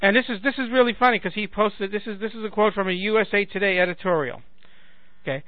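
Indignant high-voiced man on lo-fi radio. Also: fast, no echo. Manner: sarcastic, indignant, repeats words while thinking. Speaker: radio talk host. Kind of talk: political commentary monologue. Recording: thin phone-like radio sound.

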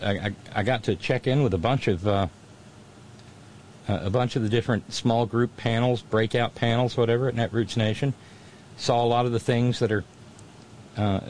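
A male radio host talks straight to his listeners in a loose, meandering way, circling back and restarting his sentences. His voice sits on the low side. A faint hum of room noise runs under him. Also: darkish tone. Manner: rambling, many restarts and fillers. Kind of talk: casual monologue to listeners.

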